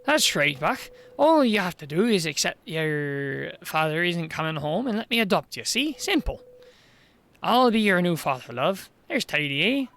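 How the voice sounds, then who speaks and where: A man's voice: high voice, big pitch swings, moderate pace, fairly bright tone, exaggerated voice. A man voicing a scheming middle-aged male village mayor in a video game, coaxing and wheedling with a put-on Welsh-style lilt. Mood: coaxing, sly.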